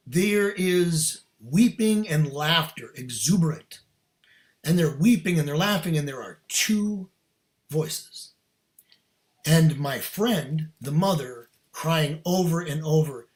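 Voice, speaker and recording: A man guest on a podcast telling a personal story in casual, earnest talk, animated and laughing now and then. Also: fairly high pitch, measured pace.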